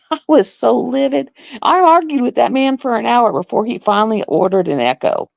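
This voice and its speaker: A woman's voice: a little high, expressive, moderate pace, vocal fry, no room sound. A woman, telling a story on a live stream. She sounds indignant, repeats herself, and acts out other people in a raised voice.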